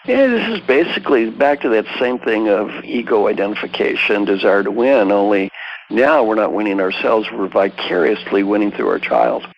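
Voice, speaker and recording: A man's voice: fairly low pitch, normal speed, highs cut off, slight background noise. An older man, an executive coach as a guest, telling stories emphatically and acting out the people he quotes. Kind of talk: storytelling interview talk.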